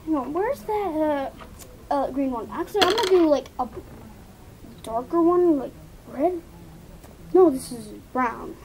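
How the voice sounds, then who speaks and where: High-voiced chatty woman vlogging. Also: lively intonation, unhurried, pauses often, noisy background. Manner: rambling, chatty self-talk with asides to viewers. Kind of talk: casual commentary while painting.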